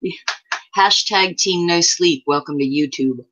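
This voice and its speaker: A man chatting casually as a fellow channel host, quick and laughing easily. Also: fairly high pitch, sharp tone, muffled recording, a little hiss or hum. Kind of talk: casual chat.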